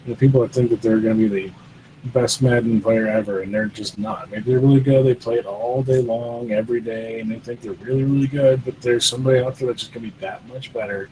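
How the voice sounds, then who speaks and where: Blunt, mellow-voiced man on a podcast. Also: medium pitch, fast, a little hiss or hum, rough recording. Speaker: podcast co-host. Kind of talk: casual chat.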